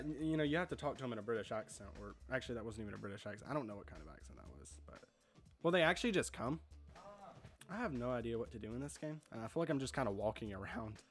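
A young man casually commenting on a video game he is playing, chatty and confused, laughing often. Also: mid-range voice. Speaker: gaming video host.

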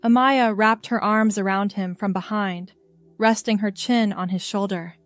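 A woman reading a scripted story aloud in a calm, even storybook manner. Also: mid-range voice, measured pace, no echo, soft background music.

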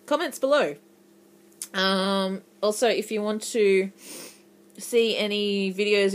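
A young woman with an Australian accent in her twenties, chatting casually in a rambling vlog with lots of ums and a stuffy, runny nose. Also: medium pitch. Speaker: English teacher vlogger.

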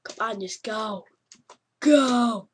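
A woman giving excitable, yelping commentary over a game she is playing. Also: mid-range voice, slow, background noise. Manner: excitable, yelps and laughs at the game. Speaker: gameplay commentator. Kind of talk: let's play commentary.

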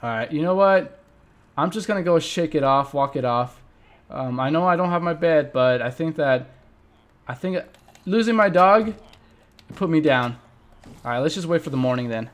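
Young man, fairly high voice, let's play commentary, animated, playful, shouts at the game. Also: moderate pace, long pauses. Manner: animated, talks to viewers, reacts loudly to the game; playful, jokes and mock eulogies. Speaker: gaming channel host.

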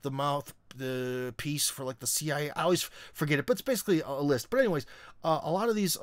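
A man's voice: a little high, dry recording. A man hosting a live stream, reading viewer comments and answering in an opinionated, sarcastic, conversational way. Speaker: host.

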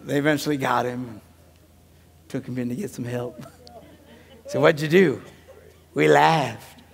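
A man who is a pastor and comedian, telling comic stories in a sermon, dropping to mumbled asides and jumping to loud punchlines, laughing at his own jokes. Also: medium pitch, steady tone, normal speed, creaky.

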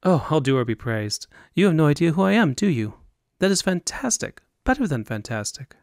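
A man's voice: fairly high pitch, sing-song, moderate pace, no echo, clean studio sound, voice pushed up. A man voicing a giddy, lovestruck young woman. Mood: elated. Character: young lovestruck woman, secretive and imperious, about twenty.

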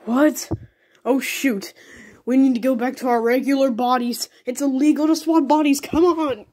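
A woman's voice: high-pitched, fairly even intonation, normal speed, mellow. A woman voicing all the characters of a homemade toy cartoon in a playful, goofy way. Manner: playful, goofy, talks with many restarts.

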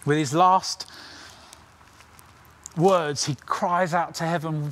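Earnest preacher man, fairly high voice. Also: fairly even intonation, a bit bright, a little hiss or hum. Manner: earnest, dramatic pauses, drops to near whisper on key lines. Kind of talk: sermon.

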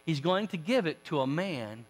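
A pastor voicing a solemn old male prophet who rebukes a king in a slow, hushed, stern warning. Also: high voice, in a large hall, rough recording.

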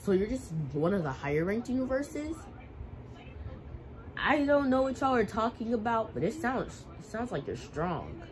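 Lively, boisterous woman trash-talking. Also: a little high, moderate pace, noisy background. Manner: boisterous trash talk with laughs. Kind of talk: playful cosplay fight skit.

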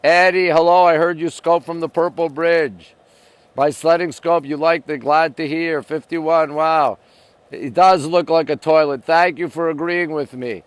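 A man's voice: fairly high pitch, clear, resonant tone, dry recording. Upbeat Canadian-born man live-streaming. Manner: upbeat, greets viewers one after another. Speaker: livestream host. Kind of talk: live-stream chat reading viewer comments. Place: rooftop deck in the city, outdoors at night. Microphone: phone held at arm's length.

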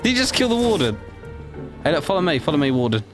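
A man with an English accent speaks at a fairly high pitch, very animated and fast, over background music. He's a gaming YouTuber joking and roleplaying his way through a prison game, full of cheeky banter and calling people "mate" and "son" in playful gameplay commentary.

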